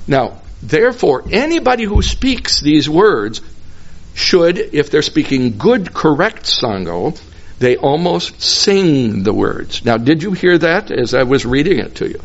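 A man giving expository Bible teaching, explaining slowly and deliberately and singing out tonal words in another language. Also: a little high, very animated. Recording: dull lo-fi recording.

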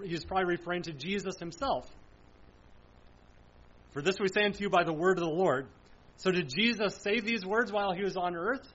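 A man with a high voice teaches scripture verse by verse, asking questions and answering them himself. He speaks with firm emphasis. The recording sounds dull and lo-fi. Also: a bit bright, husky. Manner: explanatory, asks and answers his own questions, emphatic. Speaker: preacher.

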